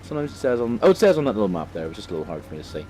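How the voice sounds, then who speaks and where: A man's voice: fairly low pitch, big pitch swings, rapid-fire, darkish tone, slight background noise. A man with a Northern Irish accent giving casual, rambling let's-play commentary, full of fillers and cheerful swearing. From Northern Ireland. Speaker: gaming commentator.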